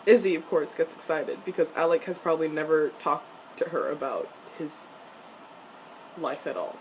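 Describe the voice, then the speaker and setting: A young woman reacting to a TV episode in a casual vlog, animated and profane, with frequent laughs. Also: low voice, measured pace, slight background noise. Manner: laughs often between lines.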